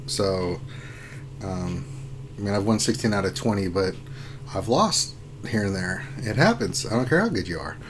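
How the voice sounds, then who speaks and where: A man's voice: on the low side, lively intonation, moderate pace, pauses often, background noise. Playful, teasing male stream co-host. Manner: teasing and playful, laughs often. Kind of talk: casual livestream chat.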